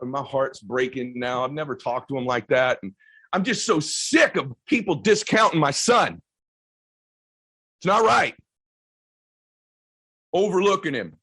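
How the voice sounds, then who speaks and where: Middle-aged male motivational speaker, husky and emphatic, lively pitch swings, dry close sound. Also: dry recording, rough recording. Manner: intense, emphatic, a little profane. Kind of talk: motivational storytelling to a live audience.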